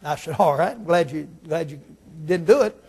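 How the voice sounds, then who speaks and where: A man preaching a storytelling sermon, swinging between emphatic shouts and hushed tones. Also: a little high, animated, normal speed, breathy edge. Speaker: pastor.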